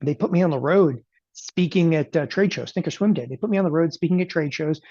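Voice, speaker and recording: A middle-aged man giving a casual, emphatic sales talk for a trading event, rambling and often clearing his throat and tossing in "okay?" asides. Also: fairly high pitch, fast talker, warm tone, dry recording, muffled recording. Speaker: trading educator promoting a live event.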